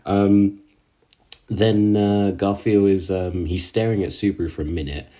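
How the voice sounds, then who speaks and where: A man with a low, warm, mellow voice talks casually through an anime episode. He speaks in slang, stumbles through fillers, and sounds openly exasperated with the characters. It comes across as a relaxed solo reaction recording. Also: a little slow. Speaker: anime reviewer. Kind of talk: casual episode recap and rant.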